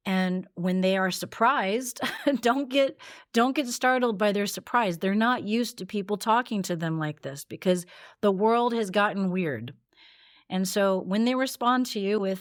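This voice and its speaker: A woman voice coach leading a guided voice exercise with calm, measured instructions. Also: medium pitch, no echo, clean studio sound. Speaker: voice coach and podcast host.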